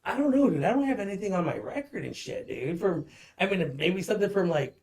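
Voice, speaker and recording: A man's voice: high-pitched, expressive, a little fast, darkish tone. A man in his forties, a guest telling a long story in casual chat, rambling with constant swearing and "dude".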